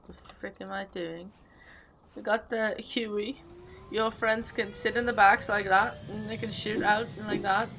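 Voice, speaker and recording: A woman's voice: mid-range voice, fairly even intonation, a little slow, fairly bright tone. A woman giving joking game commentary as she teaches flying in a game, clowning around in a silly put-on accent. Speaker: gamer making a flying tutorial. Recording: game noise and engine sounds behind.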